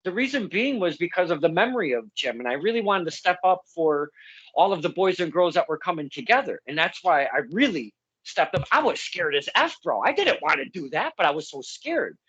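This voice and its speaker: A man's voice: high voice, big pitch swings, brisk, a bit bright, husky. A man hosting a casual interview, rambling and stammering as he tells stories and laughs along. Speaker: podcast host and local wrestling ring announcer. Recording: slightly dull lo-fi sound.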